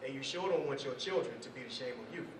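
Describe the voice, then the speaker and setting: A man's voice: mid-range voice, quick pace. A man teaching an informal class, talking loosely with street slang and some scripture quotes, recorded from across the room. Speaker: civic class speaker. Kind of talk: informal lecture to a small class. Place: indoor meeting room. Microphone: distant camera mic. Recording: echoey room, far from the mic, noisy.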